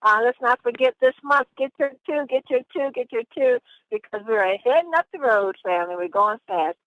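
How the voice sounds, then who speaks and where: A woman's voice: on the high side, a little fast, dry recording. A woman hosting a conference call in an upbeat, affectionate way, calling her listeners family. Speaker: host. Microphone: phone. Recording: dull dry phone line.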